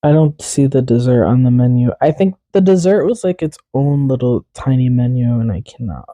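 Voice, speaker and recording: Chatty young man with a very dark voice. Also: mid-range voice, expressive, normal speed, no room sound. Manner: rambling, chatty, self-correcting. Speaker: podcast host. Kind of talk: casual solo podcast chat.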